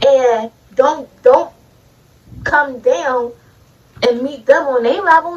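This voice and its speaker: A high-pitched woman preaches to her viewers in a loose, casual way. She sits some way back from the mic, and the recording sounds dull and lo-fi. Her talk is chatty and direct. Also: slow, pauses often, far from the mic. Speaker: vlogger. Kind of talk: motivational talk to camera.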